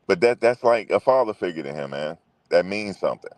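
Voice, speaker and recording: Low-pitched and a little mellow, a man hosts a casual sports chat at a brisk clip with lively intonation, recorded dry. His manner is loose and profane; he repeats himself and addresses viewers directly.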